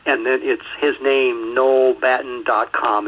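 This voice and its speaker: A man hosting a radio interview, asking questions in a measured way and slowly spelling out details for listeners. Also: medium pitch, steady tone. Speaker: radio show host. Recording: muffled radio show audio.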